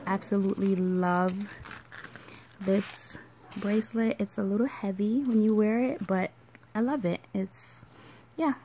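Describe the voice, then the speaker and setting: A woman in her thirties with a Caribbean island accent, rambling casually through a show-and-tell vlog with fillers and soft laughs. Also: medium pitch, slight background noise. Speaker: vlogger.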